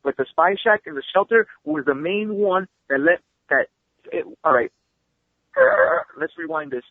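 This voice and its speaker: A man guest telling stories in a casual interview, excitable and swearing freely, heard over a phone call. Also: fairly high pitch, no room sound. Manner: fast, excitable storyteller who swears freely. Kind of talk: animated storytelling, casual interview. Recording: tinny phone line.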